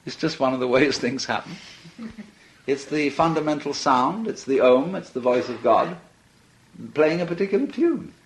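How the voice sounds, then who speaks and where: A man's voice: mid-range voice, slight background noise, poor audio. An older man giving a conversational philosophical lecture, amused and often breaking into laughter.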